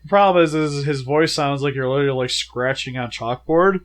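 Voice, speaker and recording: A young man co-hosting a casual movie review, chatty and animated with lots of filler words, feeling sick. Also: mid-range voice, brisk. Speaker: co-host of a movie review show.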